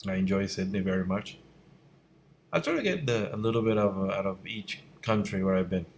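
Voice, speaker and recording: A man's voice: deep voice, lively intonation, brisk, gravelly, slight background noise. A middle-aged man from Venezuela, a visual effects instructor answering viewer questions at home at night in a candid, blunt way that turns emphatic. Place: room at home at night by a window. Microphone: fixed mic, voice fades when he turns away.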